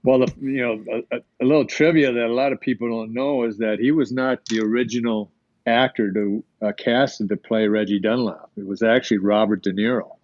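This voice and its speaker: This older ex-hockey player swaps casual stories on a podcast, acting out quoted lines as he rambles. His medium-pitched, slightly mellow voice moves fairly quickly with fairly even intonation, and the audio is dull with no echo.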